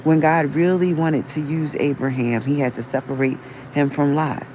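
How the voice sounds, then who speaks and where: A woman's voice: low voice, steady tone, moderate pace, mellow, a little hiss or hum, rough recording. A woman, talking on her livestream in an earnest, repetitive way, restarting often and citing scripture. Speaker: livestream host. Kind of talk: casual livestream talk, preaching.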